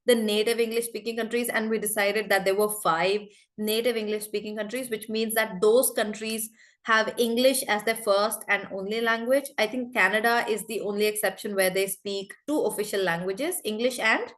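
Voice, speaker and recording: A woman in her forties from India, teaching an online spoken English class over a video call in a lively, encouraging way. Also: mid-range voice, moderate pace. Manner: lively, encouraging, addresses students often.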